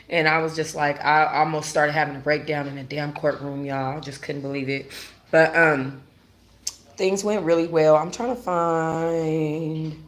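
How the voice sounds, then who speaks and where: A woman hosting her own channel, telling a personal story in casual chat with lots of slang and fillers, close to tears. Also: low-pitched. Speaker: host of a talk channel. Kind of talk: casual livestream chat with viewers.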